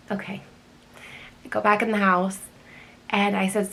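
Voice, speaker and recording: A woman, an emergency medical worker, casually retelling a night shift with many ums and animated delivery. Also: medium pitch, moderate pace, gravelly, long pauses, slight background noise. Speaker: EMT telling a work story. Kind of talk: casual storytelling.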